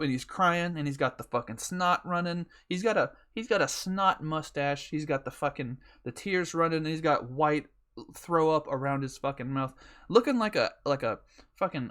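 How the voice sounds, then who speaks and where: A man's voice: fairly high pitch, fairly bright tone. A man hosting a podcast, telling a rambling story with heavy cursing and jokes. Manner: profane, rambling, joking. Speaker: podcast host. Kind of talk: casual storytelling.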